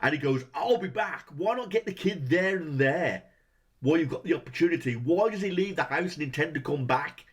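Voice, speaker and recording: A man's voice: a little high, expressive, brisk, husky. A man ranting through a movie review, exasperated and swearing heavily, firing off rhetorical questions.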